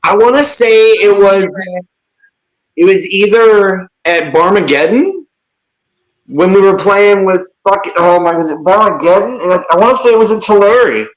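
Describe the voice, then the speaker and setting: A man's voice: high voice, animated, normal speed, roomy sound, low-quality recording. A male guest, a singer and concert correspondent, chatting casually and telling rambling, profane stories. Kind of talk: casual chat.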